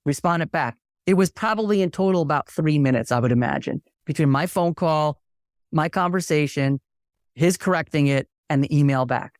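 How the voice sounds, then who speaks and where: Animated male podcast guest, dry sound. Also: on the high side, moderate pace, no room sound. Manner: animated storyteller acting out dialogue. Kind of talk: casual conversation.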